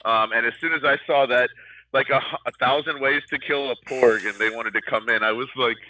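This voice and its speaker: A man's voice: mid-range voice, fairly quick, pushed and bright, rough recording. A man co-hosting a casual gaming livestream, playful and laughing often. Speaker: co-host.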